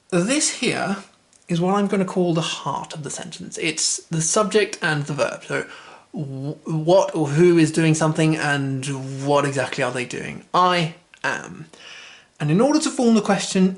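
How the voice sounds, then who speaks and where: A language teacher giving a casual spoken lesson, chatty, correcting themself and slowing down to say the example phrases. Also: mid-range voice.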